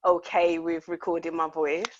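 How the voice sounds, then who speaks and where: Animated woman telling stories. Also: fairly low pitch, moderate pace, muffled recording, a little hiss or hum. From Black Country, England. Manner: animated storyteller, mimics voices. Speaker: podcaster guest. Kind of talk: casual chat. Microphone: video call.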